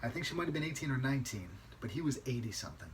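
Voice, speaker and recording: A man hosting a solo podcast, telling a story in a conversational, emphatic way and often tagging a quick "right?" onto his sentences. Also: mid-range voice, big pitch swings, background noise. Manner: conversational, keeps asking "right?"; emphatic, outraged. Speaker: podcast host.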